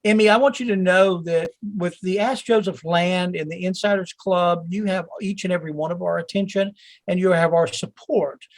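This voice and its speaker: A man's voice: high-pitched, fairly even intonation, normal speed, no room sound. Encouraging guy hosting a call-in show, rambly, talks to callers by name, dry close sound. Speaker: host.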